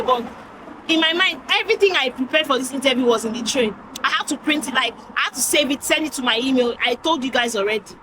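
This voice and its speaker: A young woman with a Nigerian accent speaks in a high voice, rambling and exasperated as she vents to her followers. She talks into a phone held at arm's length and slips into Pidgin now and then. Heavy traffic noise runs under her voice the whole time. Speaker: vlogger. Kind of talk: candid vlog rant. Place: outdoors at a bus stop by a road. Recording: loud street traffic behind.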